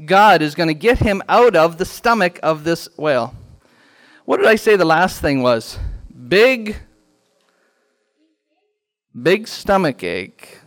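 A man teaching a children's Bible lesson in a church classroom, animated and quizzing the class with questions. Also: fairly high pitch, slow, pauses often.

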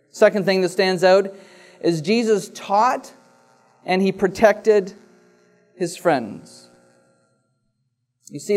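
A man preaching a sermon, reading scripture and then expounding it slowly and deliberately, repeating key phrases. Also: high voice, a little mellow. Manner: slow, deliberate preaching with dramatic pauses and repetition.

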